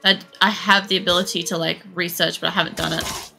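A woman streamer giving casual, chatty gameplay commentary, swearing freely as she thinks out loud. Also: lowish voice, level tone, brisk, vocal fry, soft background music. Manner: chatty and profane, thinking aloud. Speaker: game streamer.

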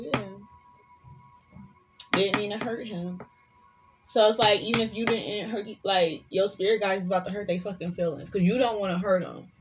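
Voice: medium pitch, steady tone, normal speed, highs cut off, noisy background. A tarot reader giving a casual collective reading, chatty and sassy, swearing freely and rambling between the cards.

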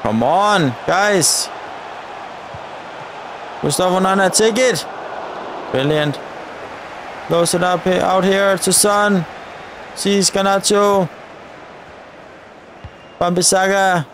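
High, gravelly-voiced man commentating gameplay. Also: takes it slowly, long pauses, background noise. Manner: talks at the players on screen, urging them on; addresses viewers directly. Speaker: gaming channel host.

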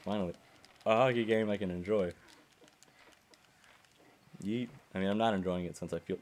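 A low, deep-voiced man in casual gaming banter, complaining through a bout of hiccups. He swears freely and drops dry, deadpan jokes between plays. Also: moderate pace. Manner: grumbling, profane, dry jokes. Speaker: let's play co-host.

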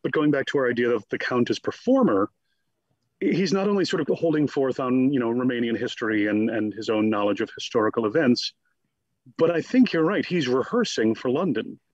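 Male guest scholar, husky, animated and digressive; dry, lo-fi recording. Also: medium pitch, no echo. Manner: animated, digressive, slips into quick mock voices. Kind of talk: conversational interview.

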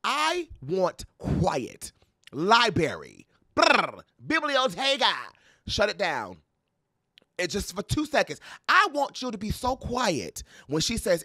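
Sassy, high, lively-voiced man. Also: dry recording, clean studio sound. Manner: sassy, dramatic, playful with quick laughs and mock quotes. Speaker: pop culture commentator. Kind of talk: animated casual commentary to camera.

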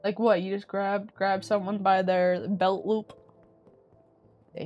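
A woman streaming a game, chatting casually and swearing at it in sudden loud bursts. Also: medium pitch, unhurried, faint music behind. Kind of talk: casual gaming commentary.

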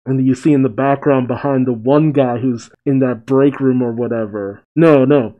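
A man's voice: medium pitch, fairly even intonation, moderate pace, few pauses, highs cut off. A young man casually reading a comic chapter aloud and reacting to it, laughing and lightly voicing the characters. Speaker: manga reaction host.

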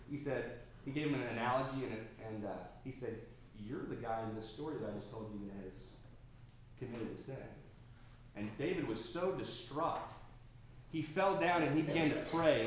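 A man preaching a sermon, earnest and building to emphatic exclamations, recorded in a church sanctuary. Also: medium pitch. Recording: echoey church room, faint ambience.

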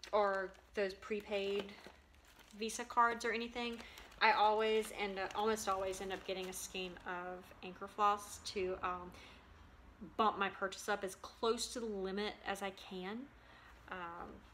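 A woman's voice: mid-range voice, sharp tone, a little hiss or hum. A woman chatting casually and enthusiastically as a vlogger, showing her cross-stitch purchases with frequent ums. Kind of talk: casual show-and-tell chat.

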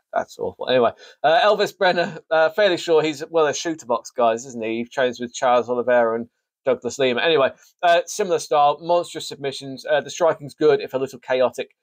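A man's voice: medium pitch, brisk, no room sound. A man hosting a sports show, casually previewing a fight card with jokey, rambling, self-mocking asides. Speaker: sports podcast host.

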